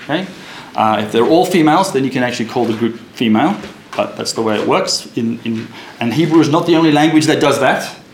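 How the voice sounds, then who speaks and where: A man's voice: medium pitch, animated, brisk, hardly any pauses. Chatty man teaching in an echoey room. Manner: chatty, laughing, many restarts. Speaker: Bible study leader. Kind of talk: casual Bible teaching. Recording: echoey room with faint noise.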